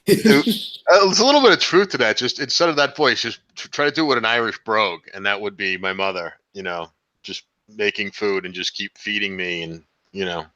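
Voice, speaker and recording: Sex: man. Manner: halting, reminiscing co-host. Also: lowish voice, pushed and bright, no room sound, dull audio. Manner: reminiscing, halting, with many restarts. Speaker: podcast co-host. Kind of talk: casual chat.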